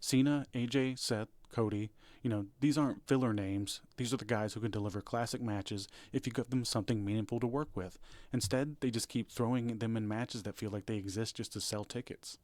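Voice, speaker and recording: A man's voice: lowish voice, steady tone, brisk, a little mellow, no room sound. A man co-hosting a podcast, talking casually and rambling, with restarts and fillers. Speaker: podcast co-host. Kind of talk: casual chat.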